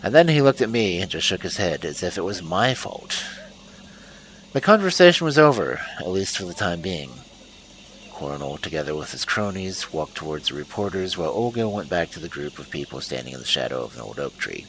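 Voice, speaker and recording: A man's voice: sits low, lively intonation, fairly quick, slight background noise, rough recording. A man streaming a story game, reading the narration aloud and muttering asides to himself.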